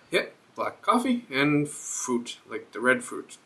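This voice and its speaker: Bright-voiced man rambling through a review. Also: medium pitch, sing-song, very slow. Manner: rambling, thinks aloud while reading a label. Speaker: beer reviewer host. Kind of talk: casual vlog review.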